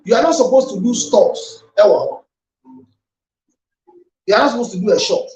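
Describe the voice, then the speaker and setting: A man's voice: high voice, lively intonation, moderate pace, a little mellow. A man hosting an advice talk show as counselor, explaining firmly what the law allows. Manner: firm, explanatory, advising. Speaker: counselor and host. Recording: echoey room with faint noise.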